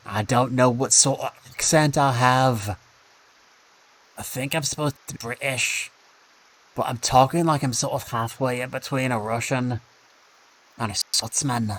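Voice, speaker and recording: A man's voice: medium pitch, unhurried, long pauses, a bit bright, low-quality recording. A man streaming a game, thinking aloud with dry asides and reading the game text.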